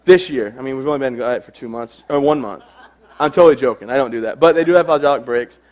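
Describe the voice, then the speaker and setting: Talking fast with a medium pitch, this young keynote speaker entertains a live audience with a funny stage talk. His stories poke fun at himself.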